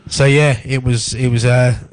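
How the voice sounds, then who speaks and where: A man's voice: medium pitch, fairly even intonation, normal speed. A man with a Cockney accent co-hosting a radio show, talking football in an easygoing, jokey way. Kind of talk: casual football chat.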